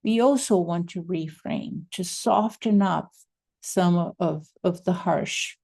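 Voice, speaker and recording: Slow, gravelly-voiced woman trainer. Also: fairly low pitch, mellow. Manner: measured, methodical explaining. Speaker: mediation trainer. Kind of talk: training lecture.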